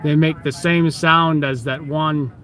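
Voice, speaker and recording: A man's voice: fairly high pitch, fairly even intonation, a bit bright. A man doing a jokey fake Australian narrator. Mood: mock documentary. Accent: put-on Australian. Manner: jokey, drawn-out slangy narration. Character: mock Australian nature-show narrator, man. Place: outdoors on a city street at night.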